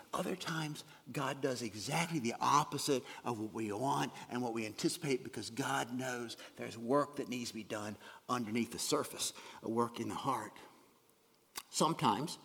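Gravelly, raspy preaching man. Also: mid-range voice, big-room sound. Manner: earnest preaching with emphatic swings in loudness, frequent restarts. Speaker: pastor. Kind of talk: sermon.

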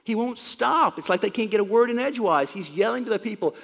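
A man's voice: high voice, animated, fast talker, gravelly, big-room sound. A man preaching a sermon, explaining scripture in a plain, conversational way.

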